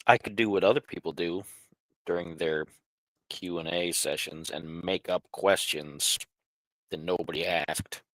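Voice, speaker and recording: A man's voice: low-pitched, fairly even intonation, unhurried, a bit bright, no echo. A man hosting a casual live question stream from home, chatting and talking to his cat. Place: home, on a couch.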